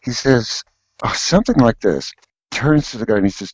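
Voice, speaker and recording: A man, a guest artist, telling anecdotes in a casual, animated way and acting out voices in his stories. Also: mid-range voice, normal speed, breathy edge, no echo. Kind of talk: casual storytelling. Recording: dull lo-fi dry sound.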